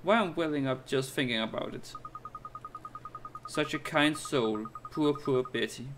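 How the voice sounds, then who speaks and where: A man's voice: mid-range voice, measured pace, background noise, lightly acted. A man doing a gossipy old neighbor lady. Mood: gossiping. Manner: chattering, sighing, calls everyone dear. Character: gossipy old woman neighbor, fussy and kindly. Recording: game music behind the voice.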